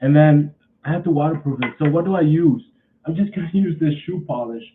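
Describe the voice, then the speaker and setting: A man's voice: a little high, echoey room, far from the mic, narrow, tinny audio, a little hiss or hum. A man casually vlogging at home, rambling and restarting his sentences as he talks through a chore. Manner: rambling, repeats himself, halting restarts.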